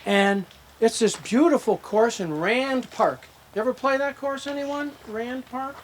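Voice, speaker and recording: There's slight background noise as an older man with a very high voice speaks at a measured pace during his outdoor hall of fame acceptance speech at a disc golf course. He tells rambling anecdotes and acts out what people said.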